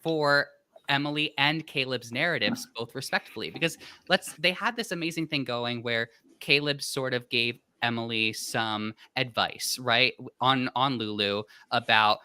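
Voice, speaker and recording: Bright-voiced man co-hosting a podcast. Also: mid-range voice, normal speed, hardly any pauses, clean tone, dry recording. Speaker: podcast co-host. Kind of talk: casual podcast discussion.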